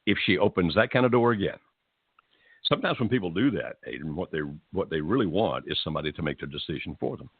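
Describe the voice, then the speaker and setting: A man hosting a call-in advice show, speaking gently and reassuringly to callers. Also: deep voice, animated, fast, creaky, slightly rough, dry recording, phone-quality sound. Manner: gentle, reassuring, calls people "my friend". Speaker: radio call-in host giving marriage advice. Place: Tennessee.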